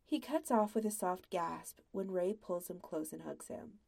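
A woman reading a story aloud in a soft, quiet, intimate way. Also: fairly low pitch, measured pace, gravelly. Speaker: podfic reader. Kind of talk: scripted narration of fan fiction.

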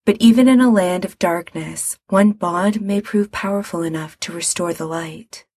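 A woman narrating a story aloud in a calm, measured reading. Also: fairly low pitch, breathy edge, dry recording. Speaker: audiobook reader.

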